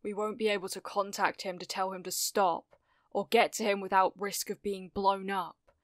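A woman's voice: mid-range voice, level tone, moderate pace, dry recording, clean studio sound, lightly acted. A woman voicing a grave, clipped male hero teacher.

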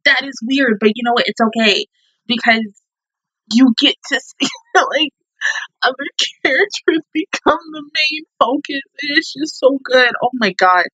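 A woman's voice: sits high, a little slow, fairly bright tone, husky, no echo, rough recording. A young woman hosting an anime reaction review, talking casually and emotionally with many fillers.

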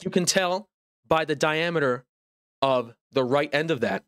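A man's voice: fairly high pitch, measured pace, fairly bright tone, dry recording, clean studio sound. A young man streaming live from home, ranting in mock outrage with lots of exasperation.

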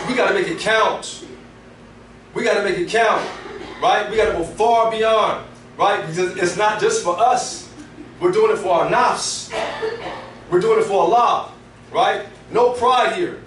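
A man's voice: high voice, fairly bright tone. Male preacher, casual delivery with rhetorical "right?", faint room hum, off-mic. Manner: conversational, frequent "right?" tags. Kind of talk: Friday sermon. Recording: echoey room, mic at a distance.

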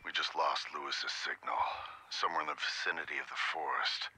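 An actor playing a cold, curt male villain commander who speaks in a breathy, growled, raspy voice. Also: a bass voice, steady tone, brisk, bright, forceful tone, a little hiss or hum, full character voice. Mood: grim. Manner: clipped, growled orders.

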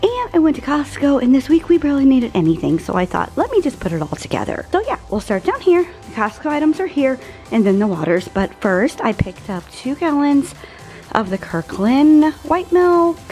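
Lively chatty woman in her forties. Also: high voice, moderate pace, faint music behind. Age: 40s. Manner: chatty, upbeat and rambling. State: out of breath. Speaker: vlogger. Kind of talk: grocery haul vlog.

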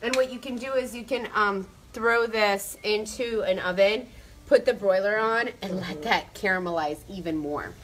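A woman's voice: medium pitch, normal speed, a little hiss or hum. A young adult woman hosting a live cooking demonstration, chatty and upbeat, talking straight to her viewers. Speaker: cooking show host.

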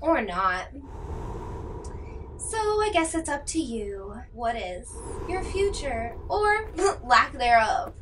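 A woman voicing a cold, taunting anonymous killer who speaks slowly and quietly. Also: fairly high pitch, very animated, far from the mic, a little hiss or hum, full character voice. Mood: mocking. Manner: slow, quiet, mocking.

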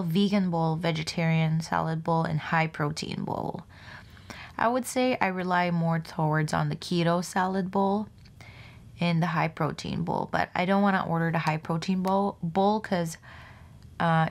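Chatty low-voiced woman vlogging. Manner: chatty, rambling, heavy use of "like". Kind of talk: casual vlog chat while eating.

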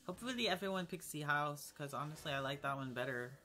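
Bright-voiced, dramatic young gaming vlogger. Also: mid-range voice, fast talker. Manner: dramatic, slangy, gasping exclamations. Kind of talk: casual gaming commentary and chat.

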